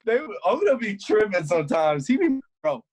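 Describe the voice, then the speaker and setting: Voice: mid-range voice, sing-song, moderate pace, darkish tone. A young adult guest on a casual podcast, tossing in short, slangy reactions.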